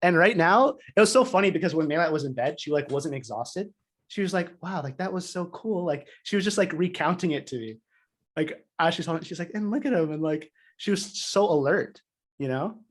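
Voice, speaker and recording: A man's voice: a little high, brisk. A man on a podcast, telling a personal story in casual chat, full of "like" fillers. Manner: animated storytelling, many "like" fillers. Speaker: podcast co-host.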